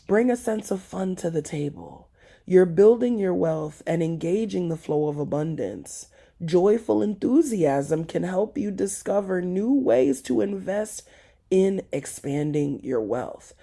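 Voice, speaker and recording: Slow, mellow-voiced woman spiritual teacher. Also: on the low side, expressive. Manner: playful, repeats blessings and chants; laughs often, coaxing and affectionate. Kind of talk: motivational spiritual talk.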